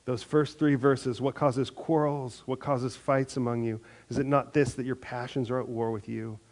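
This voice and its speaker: A male pastor giving a conversational sermon, reading scripture and acting out little prayers and replies with animated asides. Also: mid-range voice, normal speed.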